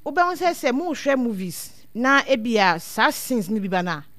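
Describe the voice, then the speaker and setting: Speaking at normal speed, a woman with a highish, fairly bright voice and wide pitch movement shares heartfelt advice for parents as a guest on child welfare. The casual talk blends two languages, and she repeatedly echoes her own words as she thinks.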